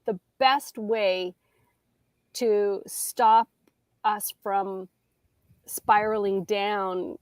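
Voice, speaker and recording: A Canadian woman talking casually on a live video call from outdoors, chatty and quick to laugh at herself. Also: mid-range voice, steady tone, no echo, rough recording. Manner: chatty, laughs easily, self-deprecating. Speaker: guest coach. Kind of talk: casual live-stream chat. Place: outdoors in nature.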